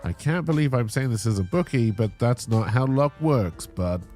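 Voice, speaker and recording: A man's voice: mid-range voice, expressive, moderate pace, darkish tone, soft background music, lightly acted. A man voicing a smug male deer bookie with antlers, dry and sarcastic, in a game.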